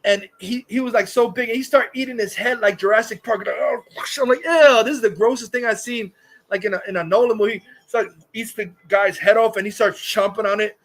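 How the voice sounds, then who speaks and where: A man with a very high, sharp voice rants on a live stream. His talk rambles and restarts, is laced with swearing, and sounds scoffing and exasperated as he picks a movie apart. He talks into a desktop mic. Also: steady tone, fast talker, hardly any pauses, poor audio. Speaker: host reviewing a movie. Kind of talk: profane live-stream rant.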